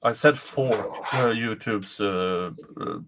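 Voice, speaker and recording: A man's voice: medium pitch, animated, measured pace, heavy background noise. A man with a Swedish accent giving casual, sarcastic commentary, exasperated and full of restarts. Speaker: YouTube commentator.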